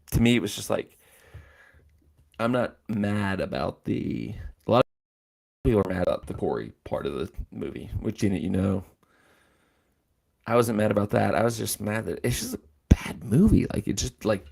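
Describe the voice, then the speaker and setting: A man hosts a casual livestream, rambling along with lots of fillers and restarts. His voice sits low and is deeply gravelly, with a dark, mellow tone. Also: lively intonation, normal speed. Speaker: host.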